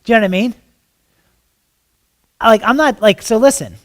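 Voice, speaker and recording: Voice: mid-range voice, normal speed. A ministry school teacher talking informally to a class, rambling with many fillers and rhetorical checks on the listeners, with blunt, frank asides.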